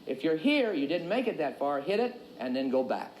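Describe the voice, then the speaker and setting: Lively, high-pitched folksy tennis coach. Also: male voice, a little fast, reverberant, slight background noise, poor audio. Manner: folksy, joking, energetic coaching. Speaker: tennis instructor. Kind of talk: instructional video lesson.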